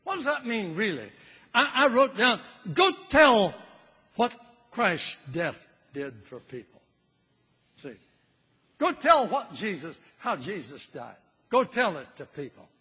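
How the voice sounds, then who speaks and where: A man's voice: sits high, sing-song, a little slow, pushed and bright, slightly rough. Fervent older man preaching in a hall. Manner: fervent, repeating phrases for emphasis. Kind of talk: sermon.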